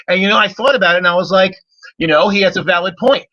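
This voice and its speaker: A man's voice: sits high, fast talker, sharp tone. A man co-hosting a casual panel podcast, talking earnestly and often repeating words as he starts a thought. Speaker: podcast co-host. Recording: dull lo-fi audio.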